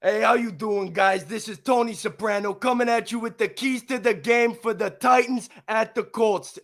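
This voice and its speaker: A man's voice: high-pitched, normal speed, voice pushed up. A young man voicing a brash Italian-American mob boss man in a heavy put-on accent. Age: young adult.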